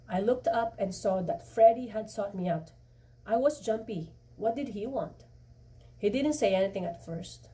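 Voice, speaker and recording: Woman reading a novel aloud, mellow. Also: medium pitch, recorded from a distance. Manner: halting, with restarts and slips. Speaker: reader.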